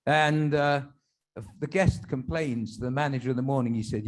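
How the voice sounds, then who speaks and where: A man's voice: medium pitch, steady tone, normal speed. A man telling a string of jokes to his congregation as a rabbi, with chatty, self-deprecating asides between punchlines. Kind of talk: stand-up joke telling to a congregation.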